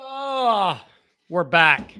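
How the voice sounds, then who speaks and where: A high-voiced man hosts a live football call-in show. His voice is very bright and cutting. He chats easily with callers but tips quickly into excited, shouted rants. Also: clean tone.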